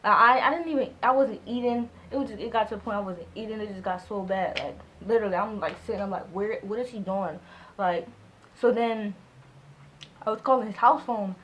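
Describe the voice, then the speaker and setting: Animated young woman telling a storytime. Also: medium pitch, fairly quick, slight background noise, low-quality recording. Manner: animated, acts out both sides of conversations; heavy use of "like" as filler. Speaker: vlogger. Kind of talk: casual storytime.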